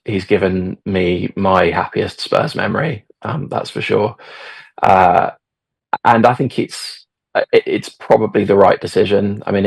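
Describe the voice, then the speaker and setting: A middle-aged man tells a story in a relaxed, meandering way, full of fillers and restarts. His voice sits low and gravelly, with a husky edge. The recording is close and dry. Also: no echo. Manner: hesitant, many fillers and restarts. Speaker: podcast guest, football fan. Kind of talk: casual storytelling.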